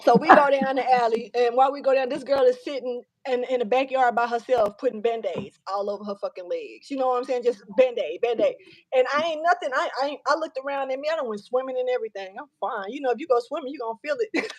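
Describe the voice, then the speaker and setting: High-voiced woman telling a story. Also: fast, poor audio. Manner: animated, profane, acts out quoted voices. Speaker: host. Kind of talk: casual storytelling chat.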